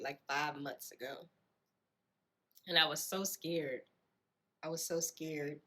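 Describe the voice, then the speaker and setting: A woman telling her own life story in a reflective way, often repeating phrases and filling pauses with "you know". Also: low-pitched, fairly even intonation, bright, forceful tone. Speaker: storyteller sharing her experience. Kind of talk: personal storytelling.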